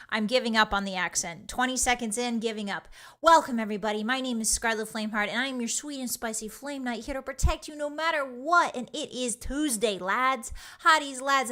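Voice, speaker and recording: A woman's voice: on the high side, pushed and bright. A young woman streaming a game, chatting with her viewers in a playful, teasing way. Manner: playful, teasing, bubbly greetings. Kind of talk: casual stream chat.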